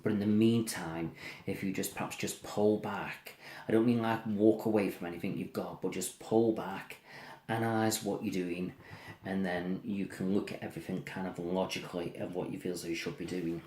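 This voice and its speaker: Deep-voiced man giving a card reading. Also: fairly even intonation, normal speed, darkish tone. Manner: soothing, repetitive, yawning and tired. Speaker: psychic card reader. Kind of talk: tarot-style reading to camera. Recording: echoey room with faint ambience.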